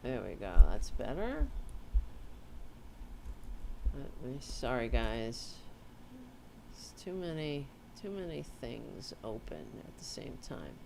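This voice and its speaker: A woman's voice: extremely low pitch, huge pitch swings, a little slow, gravelly, background noise. A woman hosting a casual livestream, rambling and swearing as she chats and talks to her cat. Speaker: host.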